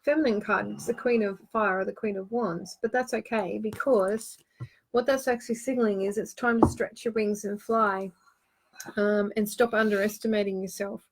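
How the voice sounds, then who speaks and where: A woman hosts a live online card-reading show and talks through each card in an earnest, reassuring way. Her voice sits in a medium pitch, and she keeps stopping for ums and restarts as she works out her advice. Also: fairly even intonation, normal speed, a little hiss or hum. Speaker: host and tarot card reader.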